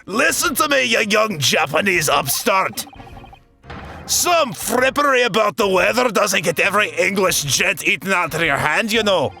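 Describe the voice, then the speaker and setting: A man's voice: high-pitched, lively intonation, moderate pace, vocal fry, sharp tone, soft background music, voice pushed down, exaggerated voice. A man doing a grumpy Scottish inspector. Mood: indignant. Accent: put-on Scottish. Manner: huffy, self-pitying rants. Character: grumpy, harried male Scottish police inspector. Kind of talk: fan voice acting of a game.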